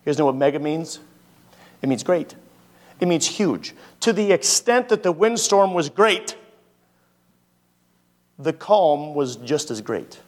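A man's voice: fairly high pitch, lively intonation, unhurried, long pauses. Conversational preacher man. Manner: conversational, asks the audience many rhetorical questions. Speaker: pastor. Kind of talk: sermon teaching.

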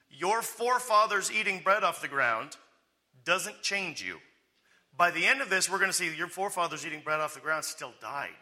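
A man's voice: on the high side, pushed and bright. A man teaching through a Bible passage in a conversational way, often checking in with "okay?" and acting out the people he quotes with sarcastic humor. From United States. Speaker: preacher.

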